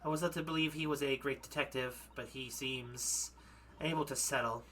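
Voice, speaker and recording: A man voicing a young female French waxwork artisan in a mock accent that drifts toward German, formal and measured, reading game dialogue aloud with a bright, forceful tone. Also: mid-range voice, steady tone, natural voice. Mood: ominous. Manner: formal, measured, stumbling over French words.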